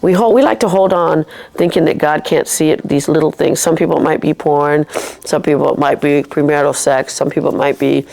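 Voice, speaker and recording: Low, gravelly woman sharing her faith. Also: steady tone, a little fast, a little mellow. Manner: earnest and reflective, talking in loose restarts. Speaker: podcast guest. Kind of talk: personal faith testimony in casual talk.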